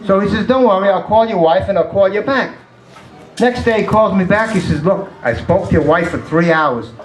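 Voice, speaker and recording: A man's voice: high-pitched, animated, brisk, roomy sound, low-quality recording. A man doing a stand-up routine of one-liners, chuckling at his own jokes. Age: 60s. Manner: laughs at his own jokes, sighs "terrible". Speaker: stand-up comedian.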